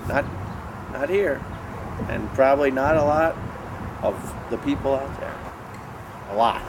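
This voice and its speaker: A man's voice: mid-range voice, measured pace, noisy background. A man bragging and scolding in dry, exasperated comedic banter. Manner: boastful, exasperated, deadpan. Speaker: show regular talking with puppets.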